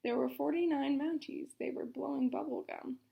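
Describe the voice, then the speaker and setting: A woman reading a picture book aloud for children's story time in an expressive, dramatic manner. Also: sits high, normal speed, vocal fry, muffled recording.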